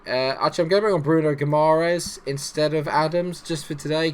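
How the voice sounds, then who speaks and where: Man, mid-pitched voice, casual gameplay commentary, self-mocking, muttering then loudly exasperated. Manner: chatty and self-mocking, swinging between low mutters and loud exasperated outbursts. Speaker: gaming YouTuber.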